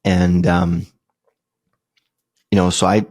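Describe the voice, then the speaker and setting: A middle-aged man hosts a podcast and slowly recounts a personal story in a low, slightly mellow voice with flat delivery. The talk is casual and rambling, thick with fillers and restarts.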